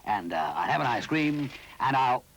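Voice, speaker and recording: A man's voice: mid-range voice, sing-song, fairly bright tone, faint music behind, voice pushed up. A man playing Big Ears, a cross bossy brownie. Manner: brisk and bossy.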